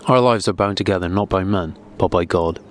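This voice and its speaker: A man reading a stiff middle-aged husband who lectures in cold, measured sentences, deep and slow to bend. the tone stays formal and deliberate throughout, like a storybook official. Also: slight background noise, close to an everyday voice.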